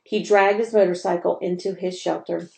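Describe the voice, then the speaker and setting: A woman, a teacher, reading a children's chapter book aloud in an expressive storytelling manner. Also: on the low side, normal speed, gravelly. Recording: roomy echo.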